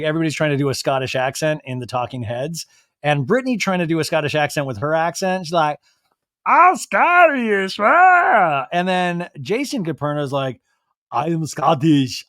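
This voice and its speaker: A man hosting a podcast who recaps a reality show in a chatty, animated way and often mimics the people he quotes. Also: a little high, dry recording, clean studio sound. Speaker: podcast host.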